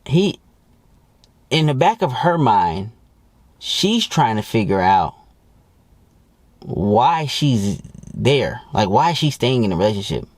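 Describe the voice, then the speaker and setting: A male dating coach rants bluntly, full of profanity and mockery. His pitch is mid-range but jumps around a lot. The recording is dry and close. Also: very animated, slow pace, long pauses, dry recording. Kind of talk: ranting advice monologue.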